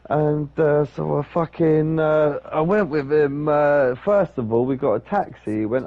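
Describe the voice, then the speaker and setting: A man's voice: a little high, a little slow, few pauses, narrow, tinny audio. A man, telling a rambling, sweary story in casual talk and acting out other people's lines. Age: 30s.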